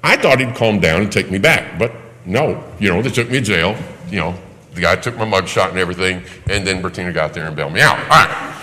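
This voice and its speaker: Animated preacher in a reverberant hall. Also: male voice, low-pitched, a little fast. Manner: animated storyteller, acts out voices, laughs. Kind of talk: sermon storytelling.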